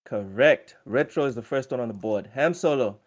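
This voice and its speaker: A man's voice: mid-range voice, normal speed. A man hosting a casual gaming live stream, reading viewer comments aloud in a loose, chatty way. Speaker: stream host running a quiz.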